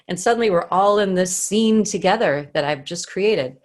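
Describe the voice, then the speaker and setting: A woman's voice: medium pitch, normal speed. A woman coaching singers in an online lesson, talking animatedly and acting out little scenes to make her points. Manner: animated, acts out scenes to illustrate. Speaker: singing coach.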